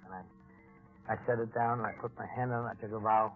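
A man giving an earnest personal talk about alcoholism to an audience, deliberate with wry asides. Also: fairly low pitch, steady tone, faint music behind. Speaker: speaker at a recovery talk. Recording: tinny old phone-like recording.

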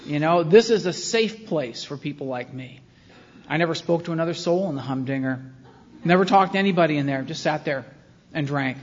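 A man's voice: fairly high pitch, lively intonation, brisk. A man speaking at a recovery meeting, telling his own story in a rambling, sardonic way with self-mocking asides. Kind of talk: personal testimony talk. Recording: dull lo-fi sound with long hall reverb and faint hiss.

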